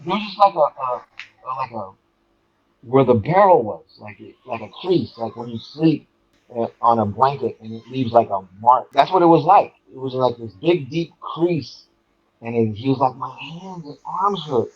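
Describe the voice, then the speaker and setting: Give me an animated man telling a story as a podcast guest, stumbling over words, on a dull muffled recording. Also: mid-range voice. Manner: animated, halting with many restarts and repeated words. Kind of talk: casual storytelling.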